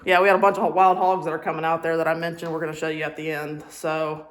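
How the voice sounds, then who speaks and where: A woman's voice: low-pitched, little pitch movement, quick pace. A woman with a Texan accent talking casually to the camera outdoors on a ranch, chatty and laughing easily. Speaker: hunter vlogger. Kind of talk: casual vlog talk to camera.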